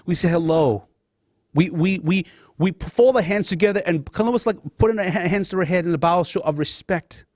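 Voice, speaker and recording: A man's voice: high-pitched, brisk, a little mellow, no echo, clean studio sound. A middle-aged man, born in Laos and a Lao speaker, hosting a talk show and giving a passionate, emotional personal monologue straight to his audience. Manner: passionate, addresses audience as guys.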